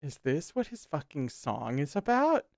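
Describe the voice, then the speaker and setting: A man with a somewhat high voice reads a text aloud, then stops to react with sarcastic, exclamatory comments and casual swearing. The sound is dry, with no room echo at all. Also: big pitch swings, moderate pace, creaky. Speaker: host.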